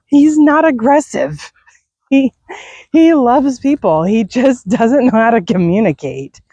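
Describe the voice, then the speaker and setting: Middle-aged woman rambling on a night dog walk, slow easygoing talk, bit husky. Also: fairly high pitch, animated, dark tone, dry recording, dull audio. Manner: chatty, laughs and sighs often. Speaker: vlogger walking her dog. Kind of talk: casual walk-and-talk chat. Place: outdoors in a neighborhood at night.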